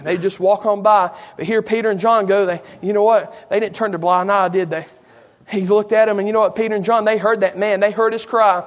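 High-voiced preacher with a folksy delivery. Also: male voice, steady tone, fairly quick. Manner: folksy, with repeated asides to the congregation. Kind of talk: sermon.

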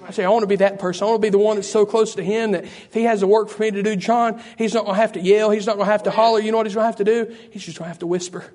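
A man's voice: high voice, flat delivery, rapid-fire, hardly any pauses, a little mellow. A man preaching a sermon, fervent and repetitive, calling out to listeners by name. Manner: addresses listeners by name, frequent "I tell you".

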